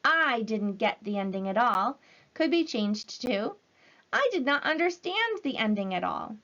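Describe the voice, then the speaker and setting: A woman teacher giving a recorded language lesson to children, speaking slowly and clearly in an encouraging way. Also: a little high, sing-song, a bit bright. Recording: slightly dull lo-fi audio.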